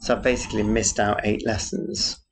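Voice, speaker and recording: A middle-aged man chats on his solo podcast, wandering from one thing to the next with self-deprecating asides. His voice sits low. It has a gravelly, creaky edge. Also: level tone, normal speed, slight background noise. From Yorkshire, England. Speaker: podcast host. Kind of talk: casual solo podcast chat.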